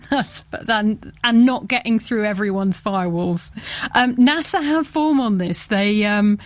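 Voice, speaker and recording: A woman's voice: medium pitch, measured pace, no room sound. A woman hosting a science talk show, playful and chatty, with a mid-height voice. The sound is dry and close, with no room around it. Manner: playful, chatty, laughs often. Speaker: podcast host. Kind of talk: casual science chat.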